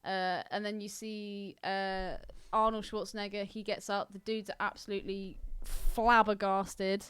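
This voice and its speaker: A woman's voice: medium pitch, flat delivery, unhurried, hardly any pauses, a bit bright, smooth, dry recording. A woman co-hosting a podcast in casual chat, playful and laughing often. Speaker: podcast co-host.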